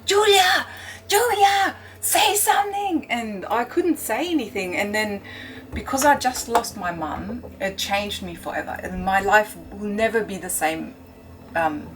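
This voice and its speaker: A middle-aged woman, an interview guest, recounting a personal experience earnestly and haltingly, with frequent fillers. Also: mid-range voice, slight background noise. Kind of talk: personal account in conversation.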